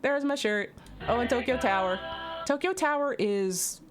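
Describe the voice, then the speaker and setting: Bubbly high-voiced young woman streamer. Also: moderate pace, music in the background. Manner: bubbly, giggly, jokey. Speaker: streamer, host. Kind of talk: casual live-stream chat while playing a game.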